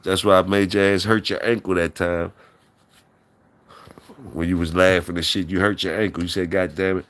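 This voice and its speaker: A man's voice: low-pitched, steady tone, normal speed, long pauses, fairly bright tone. A man hosting a live stream in loose, profane, repetitive banter with his chat, talking on a mic from his workplace.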